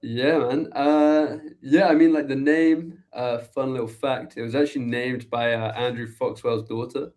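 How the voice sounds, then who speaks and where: A man's voice: mid-range voice, steady tone, unhurried, few pauses, a little mellow. A young English man, a guest in a casual interview, talking loosely with many fillers and laughs. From England. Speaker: guest, agency co-founder.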